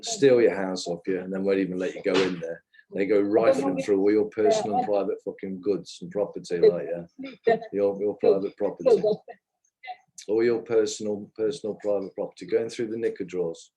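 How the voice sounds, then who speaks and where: A man's voice: sits low, fairly even intonation, moderate pace, dark tone, low-quality recording. A man giving indignant, ranting commentary on a livestream, swearing as he goes.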